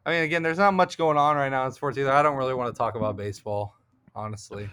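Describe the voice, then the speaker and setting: A man's voice: medium pitch, fast talker, a bit bright, clear, resonant tone, dry recording, clean studio sound. A man co-hosting a casual sports podcast, a laid-back storyteller who swears freely. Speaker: podcast co-host.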